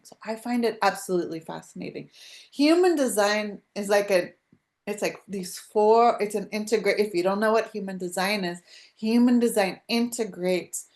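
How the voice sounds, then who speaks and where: Woman, live podcast host, rambling chatty delivery, spiritual talk, video call audio. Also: medium pitch. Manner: rambling, chatty, self-interrupting with laughs.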